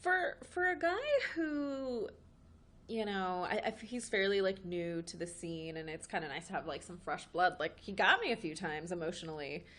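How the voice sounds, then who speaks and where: A woman's voice: on the low side, moderate pace, fairly bright tone. A woman co-hosting a podcast, chatty and opinionated in casual pop-culture talk, laughing often. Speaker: podcast co-host.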